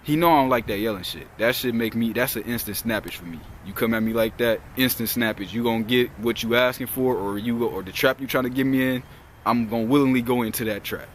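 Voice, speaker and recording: A man's voice: mid-range voice, a little hiss or hum. A young man vlogging outdoors, retelling a work story in a heated, profane, rambling way. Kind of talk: casual storytelling.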